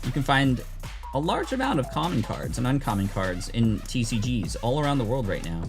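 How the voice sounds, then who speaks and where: A man hosting a live card-opening stream, chatting and thanking viewers, bursting into loud excitement over the cards he pulls. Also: mid-range voice, normal speed, faint music behind. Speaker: host.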